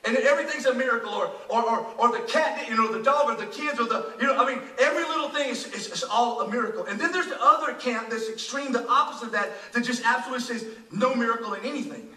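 High-voiced, bright preaching man, echoey church. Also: fast talker, few pauses. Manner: emphatic, repeats words and restarts, rhetorical asides. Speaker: pastor. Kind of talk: sermon. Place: church sanctuary. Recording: echoey church hall, voice picked up from a distance.

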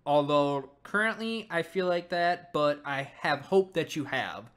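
Casual reviewer voice, middling pitch, thinks aloud with loose rambling phrasing. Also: lively intonation, measured pace, fairly bright tone, clear, resonant tone. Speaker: game reviewer. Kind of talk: casual reaction commentary.

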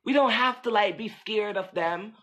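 A man's voice: high voice, normal speed, pushed and bright, poor audio. Jittery man livestreaming a spooky ritual. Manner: jittery, swearing, chatty with viewers. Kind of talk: casual livestream ritual chat.

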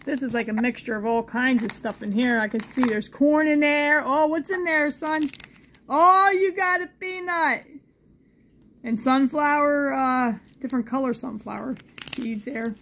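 A woman filming her pet bird at home, switching between sing-song baby talk to the bird and calm explaining to viewers. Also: sits high. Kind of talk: casual home vlog.

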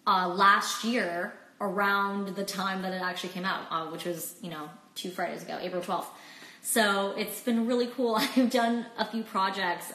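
A woman's voice: lowish voice, pushed and bright, roomy sound, low-quality recording. A woman in her twenties hosting a casual livestream chat from her phone, bubbly and chatty, laughing often. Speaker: host of a livestream.

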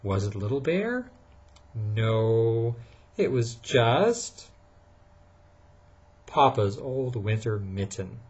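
A man reading a bedtime story to his child, softly and lively, pausing to ask her questions. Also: mid-range voice, husky, highs cut off.

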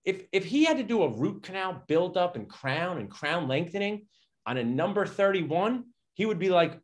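A middle-aged man, a dentist, telling stories energetically and acting out quotes in a conversational interview. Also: moderate pace. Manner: energetic, acts out quotes with big pitch jumps. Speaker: dentist and podcast guest. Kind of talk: animated storytelling conversation.

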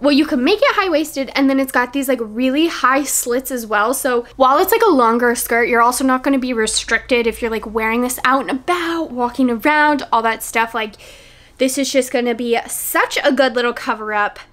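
A young woman with a Midwestern American accent talks through a product review vlog in a casual, bubbly way. Her voice sits high, and she is eager and full of fillers as she chats. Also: normal speed, a bit bright. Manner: bubbly and enthusiastic, many fillers. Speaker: vlogger.

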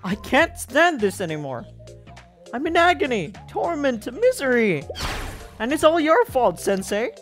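A gamer reading game dialogue aloud, voicing an angry schoolgirl who is afraid of expulsion, with a shrill, indignant voice. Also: very animated, a little slow, fairly bright tone, soft background music, heavily acted.

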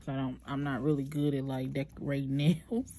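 A young woman chatting through a nail tutorial, talking to viewers as "y'all" in a relaxed, chatty way. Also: rumbling low, fairly quick, a little hiss or hum. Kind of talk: casual tutorial chat.

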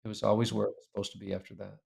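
A middle-aged man in an interview, telling a story in an animated way and laughing as he reads old letters aloud. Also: on the low side, rapid-fire, gravelly. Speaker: author and speaker.

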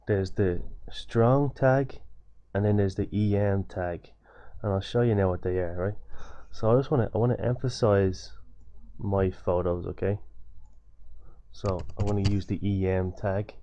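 Low-voiced casual coding tutor, a man. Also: fairly even intonation, measured pace, mellow, muffled recording. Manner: loose and repetitive, many fillers and restarts.

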